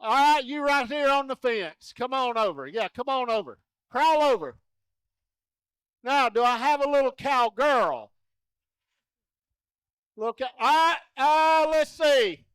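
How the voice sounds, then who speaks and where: A man's voice: very high voice, lively intonation, a little slow, long pauses, fairly bright tone, clear, resonant tone, dry recording, clean studio sound. A man at a rodeo arena, coaxing children into a contest in a folksy, joking way over a handheld mic. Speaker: rodeo entertainer running a kids' contest. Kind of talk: lively arena crowd-work.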